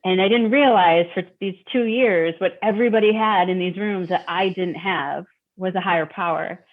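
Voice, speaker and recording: A woman's voice: on the low side, normal speed. A middle-aged woman from Detroit, a guest speaking candidly about recovery, who repeats words and acts out her own thoughts. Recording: tinny phone-like sound.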